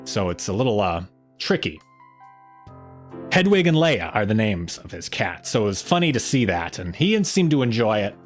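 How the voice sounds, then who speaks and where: A man's voice: lowish voice, big pitch swings, moderate pace, faint music behind. A man hosting a casual weekly livestream, rambling loosely and greeting viewers in the chat by name. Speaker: livestream host.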